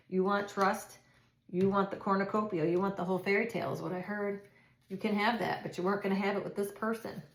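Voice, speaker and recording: A woman in middle age talks through a tarot reading in a loose, comforting monologue, often restarting her sentences. Her voice sits low and has a gravelly edge. The sound echoes around the room she records in. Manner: chatty, reassuring, thinks aloud with restarts. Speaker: tarot reader.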